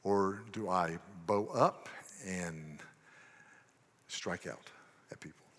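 A man's voice: sits low, slow pace, fairly bright tone, breathy edge. A man preaching a sermon as pastor, earnest, asking rhetorical questions and often restarting his sentences. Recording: long church reverb.

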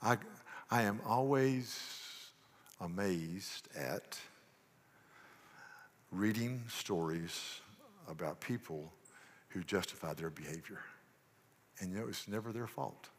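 A man's voice: low voice, takes it slowly, pauses often, breathy edge. A man preaching a sermon as pastor, earnest, asking rhetorical questions and often restarting his sentences. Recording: long church reverb.

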